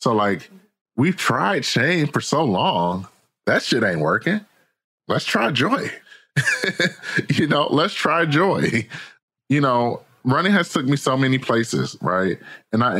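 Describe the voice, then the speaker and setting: An American man, a podcast guest and author, telling stories in a casual, slangy, animated way and laughing often. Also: mid-range voice, measured pace, breathy edge. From United States. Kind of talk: casual interview chat.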